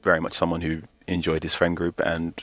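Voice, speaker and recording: A man rattles through a casual sports chat with jokey, rambling asides. His voice is very deep and he talks fast, recorded dry and close. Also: completely flat delivery, a bit bright, no echo. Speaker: podcast co-host.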